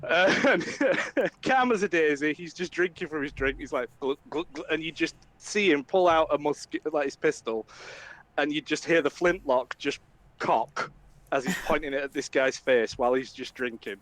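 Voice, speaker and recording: A man's voice: fairly high pitch, moderate pace, a bit bright, no room sound. A man describing his character's actions in a tabletop game, laughing and swearing. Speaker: player.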